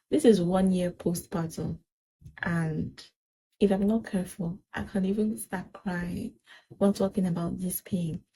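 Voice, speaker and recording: A woman's voice: lowish voice, dark tone, a little hiss or hum, poor audio. A young woman, earnestly giving advice in a casual vlog chat and repeating points for emphasis. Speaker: parenting vlogger.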